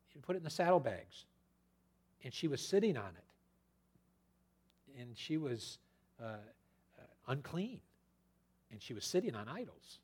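A male preacher giving an expository sermon in a conversational, animated way, retelling the scripture with his own asides. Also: mid-range voice, measured pace, long pauses, husky.

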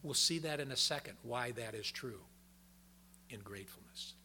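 An older man preaching a sermon in a folksy, conversational way, telling personal stories, with a gravelly voice. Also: mid-range voice, moderate pace, sharp tone, a little hiss or hum.

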